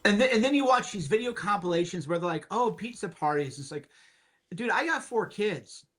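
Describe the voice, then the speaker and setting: A man's voice: sits high, lively intonation, brisk, a bit bright. A man as a podcast guest, talking emphatically in casual chat, repeating points with sardonic asides.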